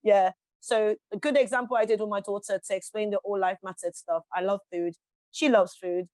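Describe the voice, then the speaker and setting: Woman guest, fired up and emphatic, dry close mic, mid pitch. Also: fairly even intonation, brisk, darkish tone, no echo. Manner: emphatic, impassioned, rhetorical questions. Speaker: interview guest, activist. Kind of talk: passionate conversational speech.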